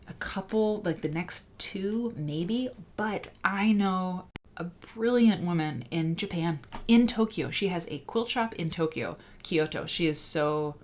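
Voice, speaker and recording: A woman hosting a casual livestream, rambling and excitable as she chats and reads out viewer comments. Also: fairly low pitch, a little hiss or hum. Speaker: livestream host.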